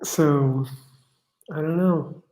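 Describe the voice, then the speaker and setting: A young livestream host bluntly tackles chat questions, reading them aloud, swearing, and riffing. He speaks with a fairly high pitch, a steady and warm tone, and drawn-out words, in an echoey room.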